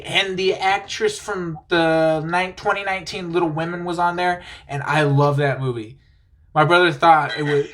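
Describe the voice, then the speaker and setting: A podcast host with a slightly high, somewhat bright voice chats casually, rambling with enthusiasm and laughing easily.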